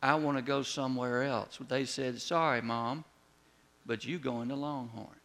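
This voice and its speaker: A pastor preaching and telling a story from the pulpit. His voice is gravelly and bright, at a middle pitch, and it rises for retold dialogue before falling quiet at the ends of lines. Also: measured pace. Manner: storytelling, animated when retelling, drops soft on closing words. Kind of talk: sermon.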